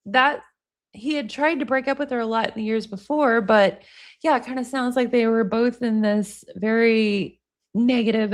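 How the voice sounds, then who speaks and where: An American woman chatting casually on a livestream, reading viewer comments aloud and rambling on between them. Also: on the high side. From United States. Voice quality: says y'all, self-described hillbilly.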